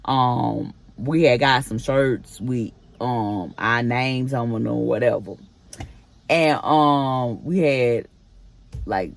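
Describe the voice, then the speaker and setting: Low-voiced woman telling a storytime. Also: gravelly. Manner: chatty retelling with acted-out quoted dialogue. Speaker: vlogger. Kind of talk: casual storytime.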